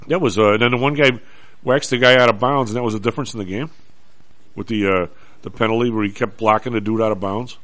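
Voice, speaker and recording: Fast-talking male radio host. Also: mid-range voice, fairly bright tone. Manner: rambling, restarts often. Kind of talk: casual sports and market chat.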